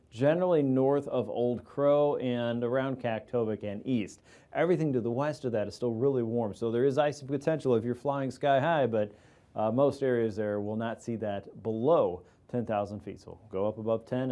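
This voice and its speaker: A man presenting an aviation weather forecast as a meteorologist, in a steady explanatory delivery with occasional fillers. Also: medium pitch.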